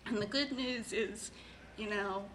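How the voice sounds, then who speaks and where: A middle-aged woman sharing her story at a recovery meeting, halting and full of fillers, emotional and tearful at times. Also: medium pitch, noisy background. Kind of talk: personal share at a recovery meeting.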